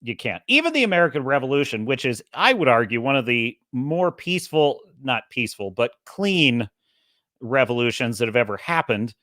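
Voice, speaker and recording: A man chats on his podcast in a bright, forceful voice that swings widely up and down. He rambles and restarts as he retells a story. The sound is dry and close, with no room in it. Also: medium pitch, sing-song, normal speed, dry recording. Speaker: podcast host. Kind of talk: casual opinionated chat.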